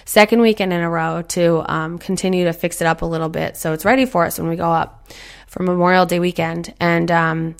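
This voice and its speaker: A woman's voice: fairly low pitch, steady tone, a little fast, creaky. A woman in her thirties hosting a casual motivational talk, chatty and earnest, acting out inner voices as she goes. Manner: earnest, encouraging.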